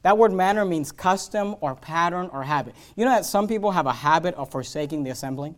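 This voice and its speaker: A high-pitched male pastor in full sermon mode. He drops to quiet, close asides, then climbs into loud, hammering runs of repeated phrases. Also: lively intonation, a little fast. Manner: preaching with swings from hushed to loud, emphatic repetition.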